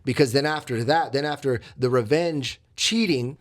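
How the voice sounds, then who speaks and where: A man's voice: medium pitch, expressive, moderate pace, few pauses. A man hosting a podcast, telling his own story in a candid, reflective, confessional way with many fillers. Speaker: podcast host and coach.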